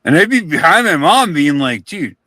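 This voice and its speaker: A man's voice: on the high side, sing-song, normal speed, pushed and bright, no room sound. A young man chatting casually on a live stream, telling rambling stories and swearing offhandedly. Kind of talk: casual storytelling chat.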